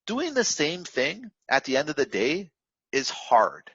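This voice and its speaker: A man's voice: on the high side, huge pitch swings, unhurried, a bit bright, slightly rough, no room sound, muffled recording. A man coaching forex traders in a casual motivational talk, rambling and full of fillers and repeats. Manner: rambling, filler-heavy, repetitive, instructive.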